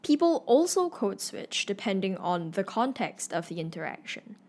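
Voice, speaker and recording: Woman narrator, brisk scripted read. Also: mid-range voice, sing-song, a little mellow. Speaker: podcast narrator.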